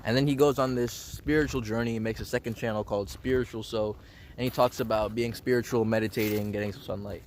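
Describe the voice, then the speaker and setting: A man's voice: fairly low pitch, fairly even intonation, fast, darkish tone, slight background noise. Slangy young guy rambling casually. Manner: slangy, rambling, says bro and dude a lot. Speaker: self-improvement vlogger. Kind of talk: casual personal monologue.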